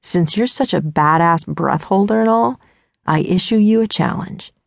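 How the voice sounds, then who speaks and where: A cocky, easygoing teenage boy teases with a laid-back drawl, as a woman narrator puts him on. His voice sits low with a gravelly edge. The sound is dry and close, as in an audiobook. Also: moderate pace, no room sound. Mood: playful.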